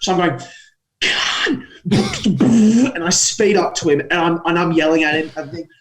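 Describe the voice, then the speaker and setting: A young Australian man, a comedian guest, telling animated stories with lots of swearing and laughter in casual podcast chat. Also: on the high side, fast talker. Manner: animated storytelling, laughs often, swears freely.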